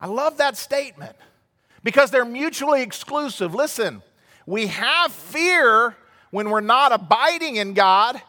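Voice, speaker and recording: A man's voice: very high-pitched, expressive, a little slow, pushed and bright. A man preaching a sermon as a pastor, telling stories conversationally and building to emphatic outbursts. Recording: long hall reverb.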